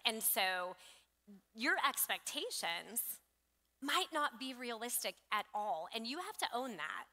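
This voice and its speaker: A woman's voice: fairly high pitch, pushed and bright. Earnest woman preacher in reverberant hall. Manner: earnest, affirming, cites scripture. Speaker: pastor. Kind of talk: conversational sermon. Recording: long reverb of a church hall.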